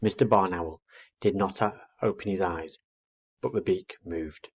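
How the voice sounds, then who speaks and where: Husky low-voiced man reading a story. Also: unhurried. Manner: expressive storyteller. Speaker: teacher. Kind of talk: children's story read-aloud lesson. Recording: dull lo-fi recording.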